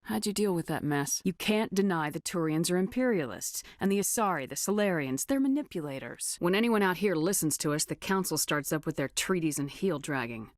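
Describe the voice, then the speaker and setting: A woman's voice: lowish voice, lively intonation, a little fast, few pauses, dry recording, studio quality, natural voice. An actress playing a blunt, tough female starship commander in a video game, speaking in clipped military style. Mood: challenging. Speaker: commanding officer.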